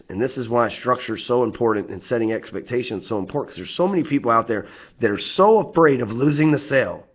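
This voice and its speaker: A man with a Southern US accent giving a casual sales training talk, blunt and profane with joking asides. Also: medium pitch. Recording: slightly dull lo-fi audio.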